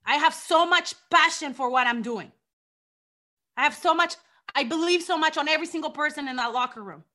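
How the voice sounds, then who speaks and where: A woman's voice: high-pitched, fairly quick, bright, forceful tone. A woman from Mexico with a Mexican accent, a wrestling champion speaking with passion in an interview, often repeating herself.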